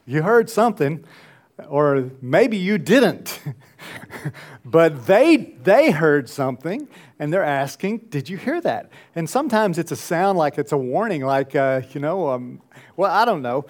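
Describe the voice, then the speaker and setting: A man's voice: on the high side, very animated, unhurried, darkish tone. A man preaching a sermon who chuckles often and acts out little bits of dialogue as he goes. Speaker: pastor.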